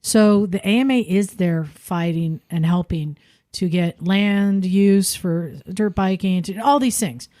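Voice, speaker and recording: A woman hosting a podcast, her voice in a middle range. She keeps the talk moving and pauses to gather her thoughts. The sound is close and dry. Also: medium pitch, mellow, no room sound. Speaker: podcast host. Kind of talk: casual chat.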